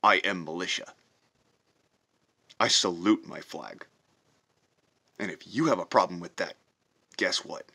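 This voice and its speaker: A man in a profane, confrontational patriotic rant for a reaction video, hammering his points with slow drawn-out stresses. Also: deep voice, creaky, sharp tone, husky. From United States. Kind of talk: heated patriotic rant to camera.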